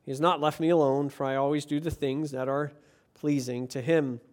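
A man preaching as a pastor, reading scripture and telling jokes in an animated, swinging delivery. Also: a little high, moderate pace. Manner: animated, jokey storytelling, swings from quiet to loud. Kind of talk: sermon with Bible reading and jokes.

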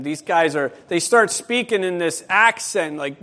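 A middle-aged male pastor preaching a sermon, telling a personal story in an animated way and acting out the voices. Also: high voice, unhurried, hardly any pauses.

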